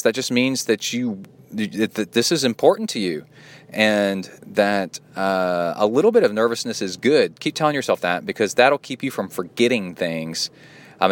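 Laid-back low-voiced male podcast host. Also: a bit bright. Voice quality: soothing. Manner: playful, jokey asides. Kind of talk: casual podcast chat, reading listener emails.

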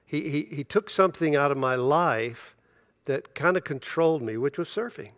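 A middle-aged male pastor telling a story from the pulpit, animated and self-deprecating, acting out each character's lines. His voice sits a little higher than most men's. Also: normal speed. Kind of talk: sermon with personal storytelling.

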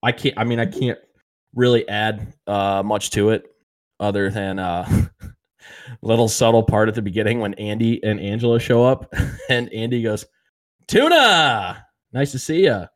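A man in casual podcast chat, retelling sitcom scenes with frequent chuckles and halting fillers. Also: lowish voice, level tone, a little mellow.

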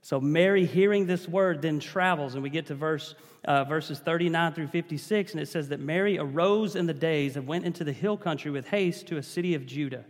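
A man's voice: a little high, brisk, hardly any pauses. Man preaching in a reverberant hall. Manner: preaching with rising emphasis and calls to the congregation. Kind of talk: sermon.

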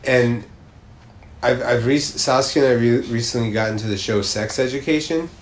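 A man's voice: mid-range voice, steady tone, moderate pace, echoey room, slight background noise. A man co-hosting a podcast, chatting casually in a rambling, joking way with some swearing. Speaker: podcast co-host. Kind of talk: casual chat.

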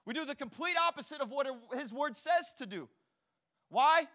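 High, bright-voiced male preacher. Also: normal speed. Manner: animated storytelling, acts out quotes. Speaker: pastor. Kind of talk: sermon. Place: church hall.

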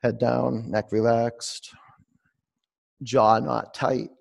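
A man teaching a guided online yoga class, mixing calm meditative coaching with direct instructions and calling students by name. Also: mid-range voice, very slow, creaky.

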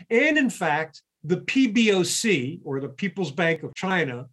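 A man in a conversational podcast discussion, an animated storyteller who acts out the people he quotes. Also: sits high, unhurried.

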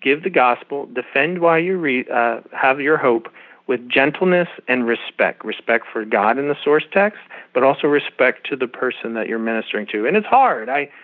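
A man's voice: medium pitch, expressive, moderate pace. A middle-aged man, a guest calling in, explaining at length in an earnest, preacherly way. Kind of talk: interview guest on a phone line. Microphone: phone. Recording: tinny phone line.

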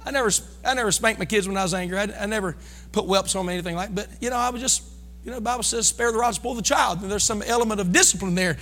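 Man, Midwestern American accent, pastor, folksy sermon, shouts and asides, very high voice, long church reverb. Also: very fast. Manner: folksy, swings between loud shouting and low asides. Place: church sanctuary.

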